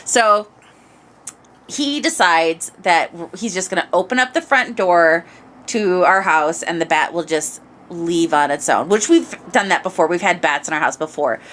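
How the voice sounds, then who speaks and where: A woman podcast host telling a casual anecdote into a microphone, animated and expressive, dropping to low mutters and rising to shrieks. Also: measured pace.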